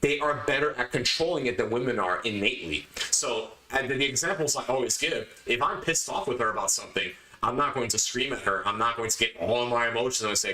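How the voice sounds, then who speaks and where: A man's voice: medium pitch, fairly quick, few pauses, pushed and bright, roomy sound, low-quality recording. A man hosting a podcast, lecturing his listeners emphatically and hammering his points home by repeating them. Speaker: podcast host. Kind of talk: opinionated podcast monologue.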